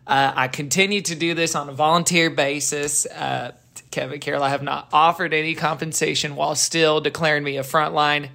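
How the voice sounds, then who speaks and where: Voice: mid-range voice, bright, forceful tone. A performer putting on a famous singer's persona to announce a podcast outro, brash and rambling, swearing freely. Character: an over-the-top impression of a famous Christian pop singer. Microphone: home studio mic made to sound like a phone memo.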